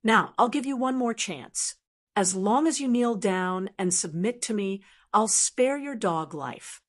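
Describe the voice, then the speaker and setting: A woman's voice: mid-range voice, animated, measured pace. Cold, contemptuous male evil god, as a woman narrator reads him in a fantasy audiobook. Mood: threatening.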